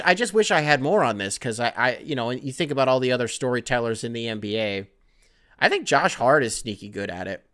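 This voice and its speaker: A man's voice: mid-range voice, fairly bright tone. Rambling, loose-talking male podcast host. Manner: loose, rambling and profane, self-described scatterbrained. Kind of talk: casual sports podcast talk.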